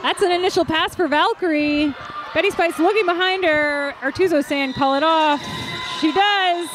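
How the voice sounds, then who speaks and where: A woman announcing roller derby live, excitable and gushing. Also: extremely high pitch, normal speed, music in the background. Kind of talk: live sports commentary.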